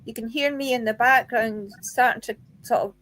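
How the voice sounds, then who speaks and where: Woman, slightly high voice, lively ghost-hunting anecdote told in a relaxed chat. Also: normal speed. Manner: animated, quotes voices in her stories. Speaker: paranormal investigator. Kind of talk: casual storytelling chat.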